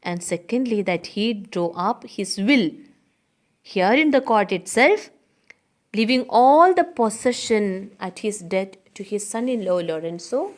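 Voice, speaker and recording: A woman's voice: medium pitch, expressive, measured pace. A woman teacher with an Indian English accent, explaining a play line by line in class and paraphrasing it simply. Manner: reads lines aloud, then paraphrases them simply; often adds the tag question "isn't it?".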